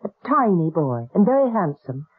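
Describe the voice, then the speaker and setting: An actress playing a brisk, matter-of-fact woman in a 1970s radio drama, with a husky, low voice. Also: very animated, full character voice. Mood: explaining. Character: brisk, practical woman of the household. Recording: lo-fi old radio broadcast.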